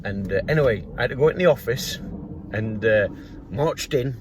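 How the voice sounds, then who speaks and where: A man's voice: medium pitch, moderate pace, slightly rough. A middle-aged man casually telling a personal story to camera, acting out the voices of the people in it. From North East England. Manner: animated anecdote with acted quotes and laughs. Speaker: grass cutting business owner and vlogger.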